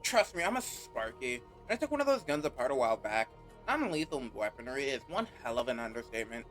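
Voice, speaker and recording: A man's voice: medium pitch, very animated, fast talker, fairly bright tone, soft background music. A man voicing a laid-back, easygoing electrician in a game with a put-on accent, saying "mate" and "no worries". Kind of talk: reading game dialogue aloud.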